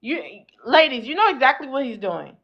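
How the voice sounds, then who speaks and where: High-voiced bossy woman hosting a live panel. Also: sing-song, a little fast, highs cut off. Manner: bossy, cuts in, hold on repeatedly. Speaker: talk show host.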